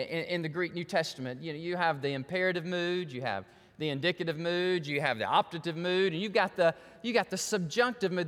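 Male pastor, high-pitched, emphatic sermon delivery, reverberant church hall. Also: fairly bright tone. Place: church sanctuary.

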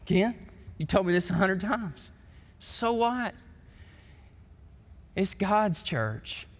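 Animated preacher in a reverberant hall. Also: male voice, high-pitched, measured pace, husky. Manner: animated, emphatic preaching with rising shouts. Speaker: pastor. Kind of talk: sermon. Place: church sanctuary.

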